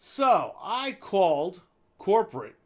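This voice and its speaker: A high voice at a slow pace carries this co-host's long, casual story on a gaming show. Animated and swearing freely, he acts out the people he's describing.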